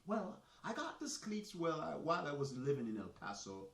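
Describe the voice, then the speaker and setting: A man's voice: fairly high pitch, brisk, creaky. A man with a Jamaican accent hosting a soccer live stream, talking in a chatty, boastful, rambling way. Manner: animated, boastful, chatty with restarts. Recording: echoey room, mic at a distance.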